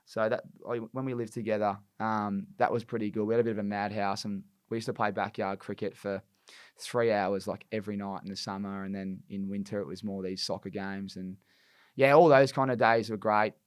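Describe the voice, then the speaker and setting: A man's voice: fairly low pitch, little pitch movement, fairly quick, smooth, no room sound, studio quality. A young man on a podcast, telling stories in a laid-back way with plenty of fillers. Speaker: podcast guest, former footballer. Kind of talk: casual chat.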